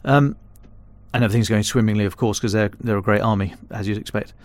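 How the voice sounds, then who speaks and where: A man with a fairly low voice talks through military questions in an explanatory podcast style. He often restarts his sentences as he thinks aloud. The recording is dry and close. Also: quick pace, dry recording. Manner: explanatory, stops and restarts mid-phrase. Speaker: defence and security editor. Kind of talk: casual podcast analysis.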